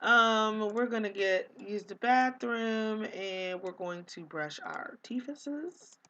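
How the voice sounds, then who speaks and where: Bright-voiced young woman chatting over gameplay. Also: medium pitch, takes it slowly, highs cut off. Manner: chatty, exasperated, lots of "like" and "um". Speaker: gaming vlogger. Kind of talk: casual life-sim gameplay commentary.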